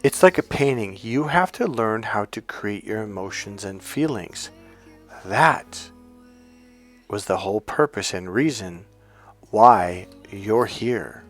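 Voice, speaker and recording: A man speaking as a life coach in a calm, soothing, unhurried self-help talk to his viewers. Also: on the low side, soft background music. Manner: addresses viewers directly as coach.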